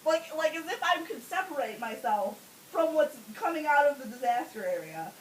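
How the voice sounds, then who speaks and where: A young woman with a high, bouncy voice tells a crude story and keeps laughing mid-sentence. She is recorded from a distance in a roomy space, with faint hiss underneath. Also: very animated, normal speed. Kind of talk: casual comic storytelling.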